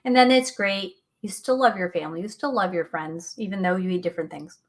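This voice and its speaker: A woman's voice: medium pitch, brisk. A middle-aged woman hosting a faith talk show, speaking earnestly and animatedly, often laughing, reading out listener comments. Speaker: radio show host.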